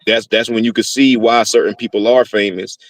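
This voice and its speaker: Brief: male panelist, AAVE, animated profane chat, low dry voice. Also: fairly quick, no echo, low-quality recording. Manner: animated, profane, repeats "know what I'm saying". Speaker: guest panelist, HVAC worker. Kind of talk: casual podcast chat.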